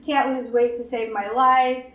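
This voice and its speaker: Higher-voiced woman preaching in an echoey room. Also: flat delivery, measured pace, a bit bright. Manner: repetitive emphatic preaching, acts out quoted voices. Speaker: pastor. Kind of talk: sermon. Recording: roomy echo, distant mic, faint hiss.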